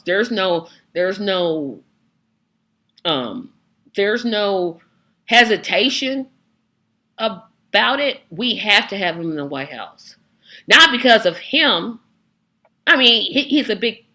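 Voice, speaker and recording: Woman chatting about politics, bright sharp voice, acts out what people say. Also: medium pitch. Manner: animated, acts out quoted reactions. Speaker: host. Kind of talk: casual political chat.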